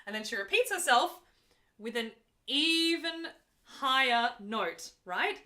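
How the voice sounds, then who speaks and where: A woman's voice: high voice, expressive, takes it slowly, pushed and bright. A young woman opera singer talking casually from her apartment, explaining an aria between sung examples in a chatty, patient way with easy laughs.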